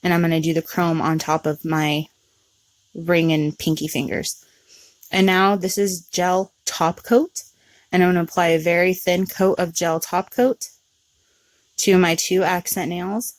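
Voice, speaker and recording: A woman with a somewhat low voice talks through a nail art tutorial step by step. Her delivery is relaxed and chatty, dotted with ums. The sound is dry, with no room echo. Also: a little slow. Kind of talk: casual step-by-step tutorial narration.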